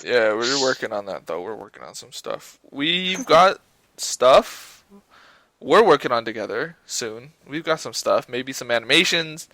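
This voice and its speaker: A young man co-hosting a podcast, telling a story in a loud, profane, laughing way. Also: medium pitch, expressive, measured pace, no echo, low-quality recording. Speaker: podcast co-host. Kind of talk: casual chat.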